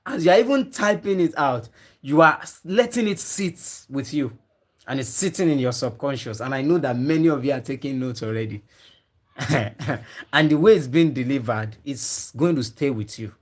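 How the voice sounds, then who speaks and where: A man's voice: mid-range voice, animated, moderate pace. A man teaching a live online class on fish farming, repeating his key points again and again and talking to viewers typing in the chat. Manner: emphatic, repeats key points many times.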